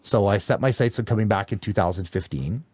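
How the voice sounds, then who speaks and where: Guy telling his own story on a podcast, enthusiastic, laughs a lot, lowish voice, dry recording. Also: fast talker, no room sound. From Canada. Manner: lively, enthusiastic, laughs through stories. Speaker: guest, endurance coach. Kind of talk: casual storytelling interview.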